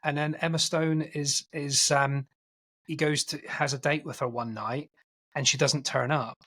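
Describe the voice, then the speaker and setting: A man co-hosting a film podcast, casually retelling a film's plot in a rambling, animated way and acting out quotes. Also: a little high, a little slow, breathy edge. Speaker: podcast co-host.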